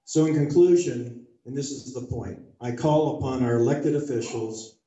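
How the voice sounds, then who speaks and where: Dark-voiced man reading a firm statement. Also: medium pitch, slight background noise. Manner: measured, deliberate, forceful demands. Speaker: resident at a community meeting. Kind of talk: prepared public statement. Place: large community meeting hall. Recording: dull, echoey hall recorded from far off.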